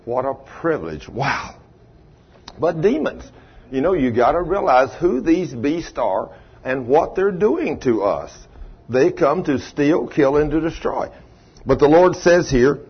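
A man preaching a folksy sermon. He tells homespun stories and swings between loud, raised bursts and hushed, low passages. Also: lively intonation, normal speed, breathy edge. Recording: dull lo-fi recording.

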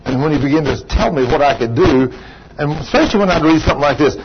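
Animated preacher man, muffled church recording. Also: a little high, fast talker. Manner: conversational, animated, rising for emphasis. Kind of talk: sermon. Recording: muffled lo-fi recording with background noise.

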